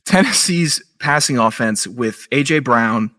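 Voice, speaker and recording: A man co-hosting a casual sports podcast, joking and excitable, laughing often as he makes his game picks. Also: mid-range voice, measured pace. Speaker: podcast co-host.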